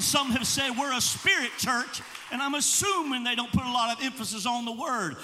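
A male evangelist preaching a sermon, impassioned, rising into shouts and sung, chanted phrases. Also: very high voice, normal speed, hardly any pauses, big-room sound, a faint crowd. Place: church sanctuary.

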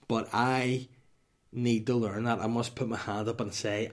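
A Northern Irish man hosts his podcast in a loose, casual chat. He rambles through listener questions with crude jokes and mock bragging, his voice sitting at an ordinary middle pitch. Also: flat delivery, unhurried. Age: adult, married. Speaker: podcast host.

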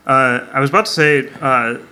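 Bright-voiced man with dry humor. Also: mid-range voice, normal speed, clean tone. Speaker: podcast co-host. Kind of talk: casual chat.

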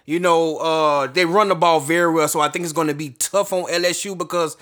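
A man co-hosting a casual sports talk show, relaxed and rambling, with fillers. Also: a little high, fairly quick.

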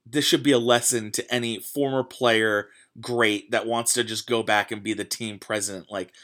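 A man's voice: lowish voice, fairly even intonation, moderate pace, fairly bright tone. A man hosting his own podcast, ranting casually about sports, getting worked up with frequent swearing and fillers. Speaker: podcast host. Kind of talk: casual solo sports rant.

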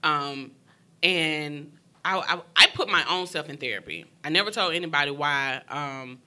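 A young woman candidly telling a personal story, talking frankly and emotionally in quick bursts. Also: low-pitched, sharp tone. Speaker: guest sharing her story.

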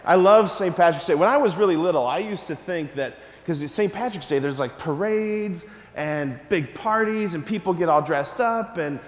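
A man who is a priest, giving a lively, conversational homily to children at Mass and asking them questions. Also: high voice, normal speed, hardly any pauses. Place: large church. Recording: echoey church hall, from a distance.

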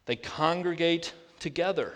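A pastor preaching a sermon, earnest and full of rhetorical questions, slowing down to read scripture aloud. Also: male voice, fairly high pitch, a bit bright. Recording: long reverb of a large hall.

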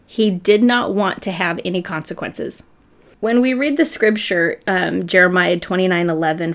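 A middle-aged woman giving a sermon, telling a family story in a conversational, humorous way. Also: medium pitch. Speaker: preacher.

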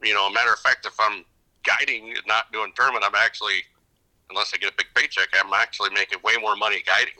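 A man's voice: fairly low pitch, steady tone, fast, pushed and bright, poor audio. A middle-aged man, a fishing guide, telling stories in casual interview chat, rambling with many restarts. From upper Midwest of the United States. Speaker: fishing guide and podcast guest.

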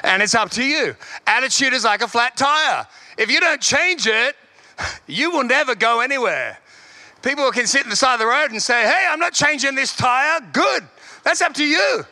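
A man preaching a sermon in a lively way, repeating his key lines and chuckling between points. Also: extremely high pitch.

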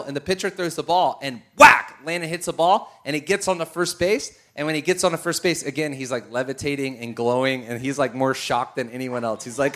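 Telling a personal story from the pulpit, a middle-aged preacher breaks into animated bursts and the occasional shout. His voice sits a little high, and he talks slightly fast with few pauses.

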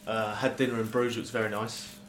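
A man's voice: lowish voice, little pitch movement, fast, a bit bright. A man chatting casually as a podcast co-host, telling a long, rambling, sweary story with laughs. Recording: echoey room with faint noise.

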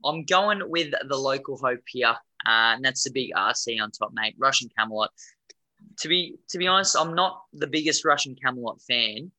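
Aussie male tipster, mid pitch, crisp bright tone, dry sound, blunt. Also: expressive, normal speed, no echo, rough recording. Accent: Australian. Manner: blunt and opinionated. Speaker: co-host giving racing tips. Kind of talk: casual chat.

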